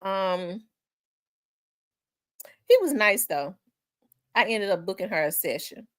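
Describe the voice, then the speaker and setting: A woman with a Memphis Southern accent, hosting a livestream in casual chat, rambling and repeating herself and quick to laugh while she reads viewer comments. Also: mid-range voice, expressive, a bit bright, no room sound, clean studio sound. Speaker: livestream host.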